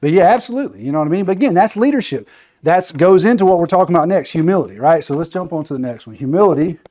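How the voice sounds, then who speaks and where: Guy running a training session, kinda high voice, loose and chatty, says right? a lot. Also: expressive, rapid-fire, dark tone. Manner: conversational, keeps checking in with "right?". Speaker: training presenter. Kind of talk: casual training talk.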